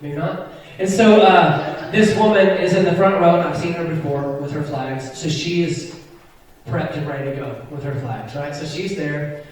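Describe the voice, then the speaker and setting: A man in his forties, a Christian musician, telling an animated story to a live audience and often asking "right?" along the way. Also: on the high side, moderate pace. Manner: animated, chatty, keeps checking in with "right?". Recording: echoey hall picked up from far off.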